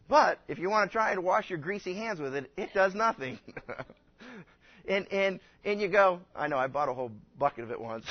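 A man preaching a conversational sermon as a pastor, folksy and rambling, acting out the people he quotes. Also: sits high. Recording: dull lo-fi recording.

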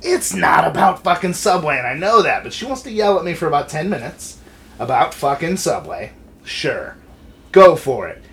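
Animated, cursing man chatting casually. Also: on the high side, normal speed, gravelly. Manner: animated, swears freely. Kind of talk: casual chat.

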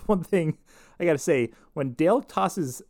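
A man's voice: fairly high pitch, animated, a little slow, a little mellow. A man co-hosting a podcast in casual chat, joking and rambling with many restarts. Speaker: podcast co-host.

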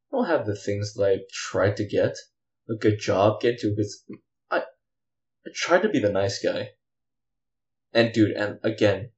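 A man with a fairly low voice rants bitterly through a solo podcast monologue, sighing often between heated, rambling stretches. The recording is dull and lo-fi, with little top end. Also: gravelly, a little mellow. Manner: bitter, angry venting with frequent sighs; rambling, with many fillers and profanity. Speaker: podcast host.

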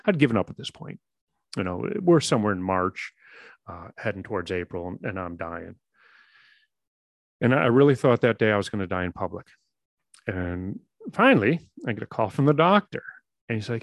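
A middle-aged man telling a personal story in an earnest, halting way, often repeating words as he goes. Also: lowish voice, dry recording.

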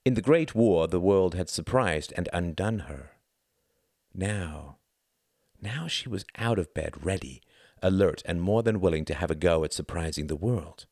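A man reading a novel aloud as narrator, in a measured storytelling manner. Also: sits low, expressive, darkish tone, dry recording, clean studio sound. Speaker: audiobook reader.

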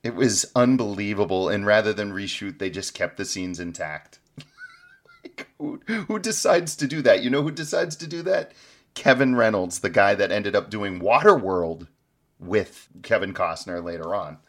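A man with a fairly low voice delivers dry, sarcastic movie commentary as a podcast co-host. He often chuckles at his own lines. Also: moderate pace. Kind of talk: casual movie-review chat.

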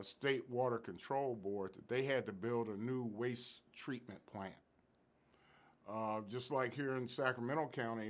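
A man, a professor, explaining environmental science in an interview with an emphatic, lecturing manner. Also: mid-range voice. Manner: emphatic, lecturing, stresses key figures. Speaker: professor and guest expert. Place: Sacramento area.

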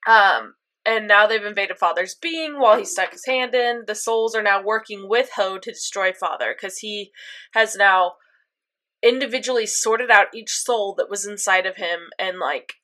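Chatty bright-voiced young woman. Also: medium pitch, normal speed. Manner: chatty, animated retelling with frequent fillers. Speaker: co-host recapping an anime episode. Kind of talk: casual chat.

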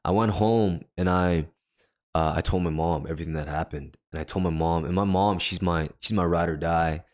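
Low-voiced man telling an earnest story. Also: fairly even intonation, moderate pace. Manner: earnest, acts out quoted dialogue. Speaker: podcast co-host. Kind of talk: personal storytelling in casual chat.

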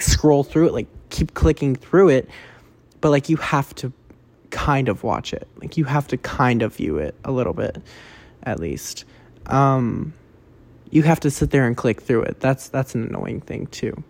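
A young man hosting his own podcast, rambling casually with stammered restarts, self-deprecating asides and frequent cursing. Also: medium pitch. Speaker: podcast host. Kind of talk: rambling solo podcast chat.

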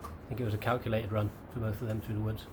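Man, fast-talking race pundit, faint background hum. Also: lowish voice, little pitch movement. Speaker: downhill racing pundit. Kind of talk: casual chat.

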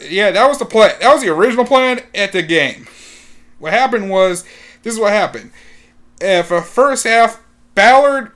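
Rambling high school guy, excitable. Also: smooth. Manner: rambling, full of "like" and restarts, bursts of excitement. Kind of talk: casual storytelling.

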